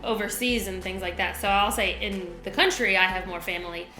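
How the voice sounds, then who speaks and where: Young woman, bright clear tone, relaxed casual chat, echoey room. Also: medium pitch, a little fast, soft background music. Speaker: vlog co-host.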